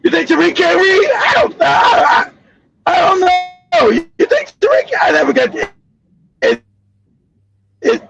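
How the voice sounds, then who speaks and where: A man hosting a live stream, ranting loudly and animatedly with profanity. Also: very high voice, sing-song, measured pace, creaky, long pauses, muffled recording. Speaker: stream host.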